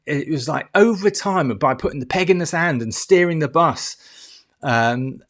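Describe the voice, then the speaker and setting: A man's voice: a little high, moderate pace, a bit bright. A middle-aged man who works as a life coach talks casually to camera. He restarts his sentences often, swears now and then, and makes little ding sound effects as he goes. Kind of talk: casual teaching monologue to camera.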